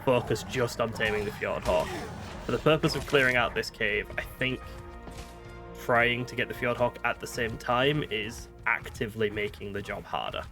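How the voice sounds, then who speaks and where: With music playing behind him, a northern British man comments casually on his video game, musing aloud and teasing himself. He speaks in a steady, mid-range voice at a moderate pace.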